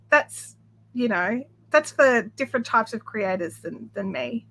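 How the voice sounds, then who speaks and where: A woman's voice: on the high side, animated, unhurried, pushed and bright. A woman with an Australian accent hosting a craft livestream from home, chatting effusively with viewers and reading out their comments, full of fillers and restarts.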